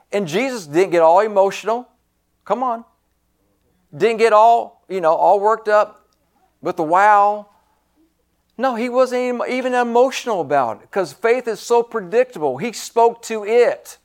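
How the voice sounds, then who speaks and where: A man preaching a sermon, emphatic and repetitive, swinging between loud stresses and hushed asides. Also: sits high, expressive, measured pace.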